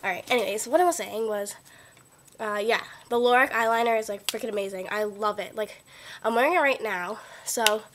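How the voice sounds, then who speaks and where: A young woman with a cold chatting excitedly about her favorite makeup, gushing and full of "like" and "oh my God", recorded on a computer webcam mic at home. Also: medium pitch, a little fast, slight background noise. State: sick, voice lower than usual. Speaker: beauty vlogger. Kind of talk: casual chat. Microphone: built-in computer webcam mic.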